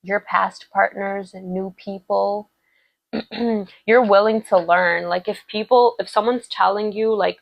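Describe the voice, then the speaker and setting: A woman's voice: medium pitch, fairly even intonation, takes it slowly, creaky, no room sound, low-quality recording. A woman giving a casual, rambling tarot love reading, full of filler words and affirmations. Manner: chatty, rambling, many "like" fillers, warm affirming tone. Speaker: tarot reader.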